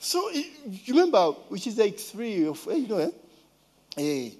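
A man's voice: high-pitched, huge pitch swings, normal speed, a little mellow, husky. A man with a Ugandan accent telling a casual story, asking rhetorical questions and now and then mimicking a child's voice.

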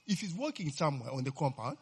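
A male preacher delivers a sermon in a loose, joking style, constantly checking in with his listeners. His husky voice sits high and swings widely in pitch, bright with animation. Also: sing-song, fast talker. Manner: chatty, joking, prompts the audience with eh and amen.

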